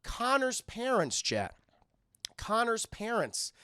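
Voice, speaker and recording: A man's voice: very high voice, huge pitch swings, slow, pushed and bright, smooth, no echo. A man streamer retelling a film to his chat, casual, profane and rambling, on a close microphone.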